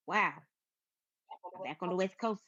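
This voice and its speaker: A woman, hosting a casual chat podcast, animated and sassy, laughing often. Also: fairly low pitch, measured pace, dry recording, highs cut off. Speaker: podcast host.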